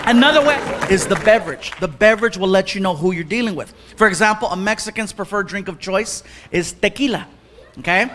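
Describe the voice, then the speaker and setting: A man doing stand-up storytelling on stage, animated, acting out voices and yelling punchlines into a handheld mic. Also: sits high, a little fast. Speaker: stand-up comedian. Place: theater stage. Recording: live show with loud crowd and noise.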